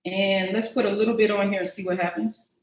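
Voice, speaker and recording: A woman chats her way through a casual cooking livestream from her home kitchen. She talks straight to her viewers as y'all and thinks aloud while she works. Her voice sits in a middle pitch, and the kitchen gives it a roomy echo. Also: fairly even intonation, fairly quick.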